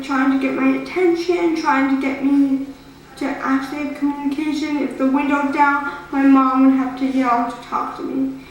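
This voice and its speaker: A woman giving an earnest personal testimony at a school presentation, halting and correcting herself as she goes. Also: high voice, a little hiss or hum. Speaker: guest speaker at a school awareness day. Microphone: camera far from the speaker. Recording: very echoey room, voice heard from far off.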